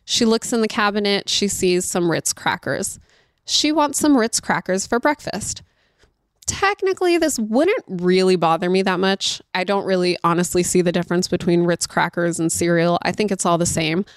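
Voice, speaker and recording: A mother who homeschools, telling a story in a chatty, animated way and talking straight to her listeners. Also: lowish voice, moderate pace, dry recording, clean studio sound. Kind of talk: casual storytelling monologue.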